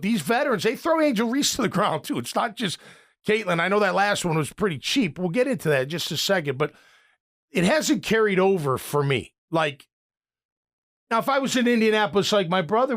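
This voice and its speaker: High-voiced opinionated male sports host. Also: a bit bright. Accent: American. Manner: rambling, opinionated, frequent restarts. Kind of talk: casual sports talk.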